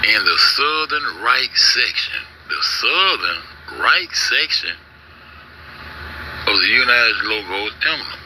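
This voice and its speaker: A man's voice: mid-range voice, expressive, slow. A man hosting a casual online show, arguing and cursing in while reading search results aloud. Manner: argumentative, profane, reads search results aloud. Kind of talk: casual ranting commentary. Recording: noisy home recording.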